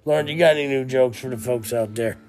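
A middle-aged man hosting a casual comedy podcast, talking like a loud emcee who keeps saying "listen". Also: medium pitch, fast talker, faint music behind. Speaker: podcast host.

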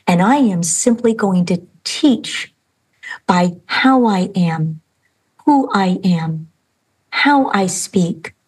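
Husky-voiced earnest woman host. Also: mid-range voice, darkish tone, rough recording. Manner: earnest, emphatic, slows for emphasis. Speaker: podcast host. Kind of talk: storytelling and inspirational talk.

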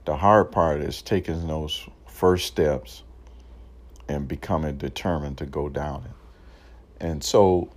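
A man's voice: rumbling low, slow pace. A man giving a casual, encouraging talk, rambling with many fillers and restarts. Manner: encouraging, motivational. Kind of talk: casual reflective monologue.

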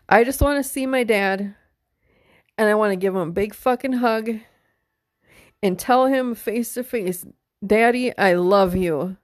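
A woman's voice: fairly high pitch, takes it slowly, pauses often, no room sound. Woman, middle-aged, podcast host, casual monologue, candid, heartfelt, swears freely, dry close recording. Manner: emotional, openly tearful at times.

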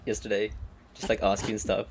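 A man's voice: lowish voice, completely flat delivery, a little fast, a little hiss or hum. A man, co-hosting a casual podcast and steering the talk. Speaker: podcast co-host. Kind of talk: casual chat.

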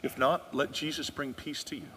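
A man's voice: on the high side, little pitch movement, normal speed, sharp tone, in a large hall, slight background noise. A male pastor preaching a sermon, telling a story in an earnest way and asking the congregation questions.

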